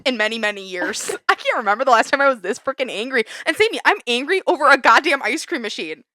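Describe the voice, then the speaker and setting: A young woman rants on a podcast, angry and animated, with a bright, slightly high voice. She swears freely and her pitch leaps when she gets worked up. The sound is close and dry. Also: fast talker, dry recording. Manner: heated, ranting, swears a lot; animated, big jumps in pitch when fired up. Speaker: podcast co-host. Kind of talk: casual chat. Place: small studio under a lamp.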